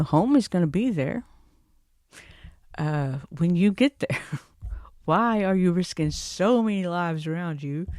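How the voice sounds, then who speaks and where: A woman's voice: lowish voice, a little mellow, no echo, clean studio sound. A woman ranting casually to her camera in a vlog, chatty and exasperated, rambling with asides. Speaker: vlogger.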